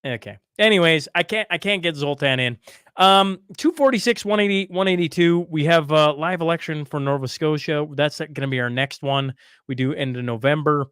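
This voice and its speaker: A man's voice: a little high, moderate pace, a bit bright, clear, resonant tone, no echo, clean studio sound. A man hosting a casual livestream, rambling as he reads the chat and tries to bring in guests. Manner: rambling, talks to chat and guests, frequent restarts. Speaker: livestream host.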